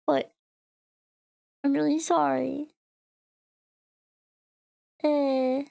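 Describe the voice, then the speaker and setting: Her voice is high and bright yet creaky, with little pitch movement and drawn-out words; she's an Australian VTuber chatting casually on stream. She drifts from thought to thought, peppers her speech with "like," and reacts to chat by reading it out.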